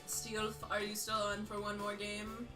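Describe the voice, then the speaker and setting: A woman's voice: mid-range voice, completely flat delivery, a little slow. A woman co-hosting a livestream, chatting casually while gaming, exclaiming often and laughing a lot. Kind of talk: casual chat while playing a party game. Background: game music.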